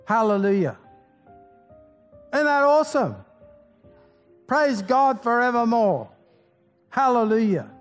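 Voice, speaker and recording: A man's voice: very high voice, big pitch swings, takes it slowly, pauses often, faint music behind. A male pastor preaching a sermon, rallying his congregation with rhetorical questions, folksy asides and repeated exclamations.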